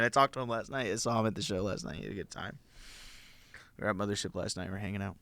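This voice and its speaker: Brash, bright-voiced comedy podcast host. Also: male voice, fairly low pitch, steady tone, fast talker, dry recording, clean studio sound. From Virginia, USA. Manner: brash, crude and rambling. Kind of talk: casual comedy podcast chat.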